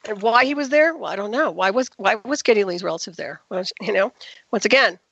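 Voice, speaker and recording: A woman's voice: medium pitch, lively intonation, fairly quick, vocal fry, fairly bright tone, dry recording. A woman guest on a call-in radio interview, telling her story in an emphatic, indignant way. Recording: dull, dry lo-fi recording.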